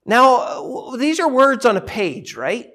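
A middle-aged man preaches a sermon in a fairly high voice that swings up and down with lively emphasis. He drives points home by repeating phrases and stumbles through restarts as he works out his thoughts. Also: takes it slowly. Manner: emphatic, repeats himself, animated delivery. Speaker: pastor.

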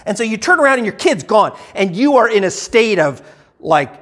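Male preacher, high-pitched, conversational and emphatic, frequent restarts. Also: sing-song, normal speed, a bit bright. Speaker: pastor. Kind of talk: sermon.

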